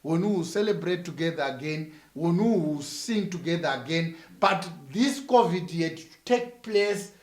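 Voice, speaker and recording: A man's voice: on the high side, expressive, moderate pace, hardly any pauses, echoey room. A man with a Zimbabwean accent, a church minister answering interview questions in an emphatic, sermon-like way, repeating phrases with rising force.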